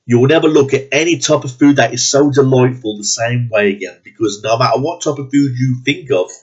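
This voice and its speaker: A man's voice: medium pitch, fairly quick, slightly rough. A man ranting bluntly and profanely in a movie review, sounding disgusted and exasperated. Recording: dull lo-fi recording.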